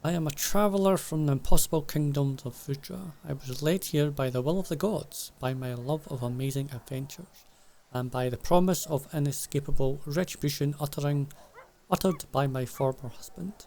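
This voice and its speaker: A man's voice: on the high side, moderate pace, vocal fry, warm tone, slight background noise. A man reading game dialogue aloud as a flamboyant young woman traveller, grandiose and mystical, with flowery, theatrical phrasing.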